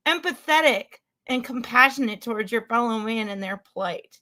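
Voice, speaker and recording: Bright high-voiced woman, opinionated. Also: expressive, moderate pace. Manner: opinionated, storytelling, emphatic. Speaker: podcast co-host. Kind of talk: casual chat.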